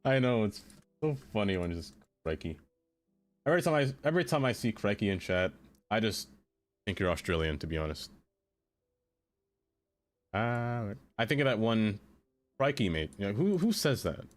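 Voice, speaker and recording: A man streaming a game and chatting with his viewers in a playful, teasing way, often breaking into high sing-song catchphrases. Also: expressive, moderate pace, pauses often, soft background music. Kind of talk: casual live-stream chat with viewers.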